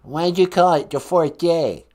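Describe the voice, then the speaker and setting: A woman's voice: on the low side, measured pace, dark tone. A woman co-hosting a podcast in teasing, giggly casual chat.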